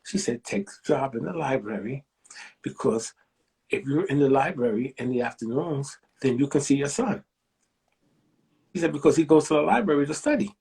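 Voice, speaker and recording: Older man with a husky voice telling lively stories. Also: moderate pace. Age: 60s. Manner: animated storyteller, acts out quoted voices with big pitch jumps. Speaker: library director, guest. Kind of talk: storytelling interview.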